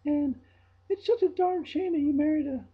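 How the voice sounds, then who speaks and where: A man mimicking a ditzy, chattering female flight attendant in a high, gushing singsong. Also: normal speed, narrow, tinny audio, natural voice.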